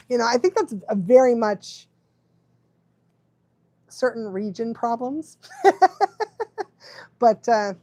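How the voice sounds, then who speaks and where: A woman's voice: a little high, big pitch swings, drawn-out words, long pauses, mellow, no room sound. A woman dog trainer chatting casually on a livestream, laughing often and fumbling her words now and then.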